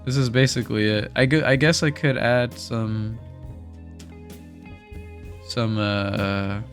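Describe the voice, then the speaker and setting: A young man chatting casually over gameplay, speaking softly, rambling candidly and laughing often into a desk mic. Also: mid-range voice, fairly even intonation, slow pace, soft background music. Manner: speaks softly while recording. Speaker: gaming video creator. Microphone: desk microphone.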